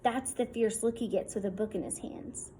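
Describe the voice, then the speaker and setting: A woman's voice: medium pitch, moderate pace, warm tone, slight background noise, low-quality recording. A woman reading a novel aloud in a casual, wry first-person storytelling tone. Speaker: audiobook reader.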